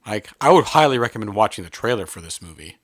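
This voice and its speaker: A man's voice: lowish voice, sing-song, quick pace, no room sound, studio quality. A man co-hosting a podcast, chatting casually about a movie in a rambling, hesitant way. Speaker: podcast co-host. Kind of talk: casual movie review chat.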